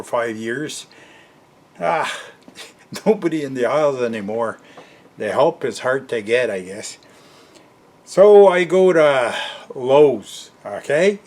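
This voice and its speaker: An older Canadian man talking in a casual, rambling vlog monologue, chuckling often and tagging his sentences with "eh?". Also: mid-range voice. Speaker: vlogger.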